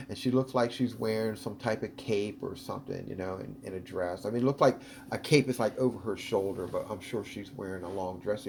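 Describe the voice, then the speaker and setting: Male host, mid-pitched, enthusiastic, rambling commentary over clips with a faint hiss behind. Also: darkish tone. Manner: chatty, enthusiastic, many ums. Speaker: video host analyzing footage. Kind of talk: casual commentary over footage.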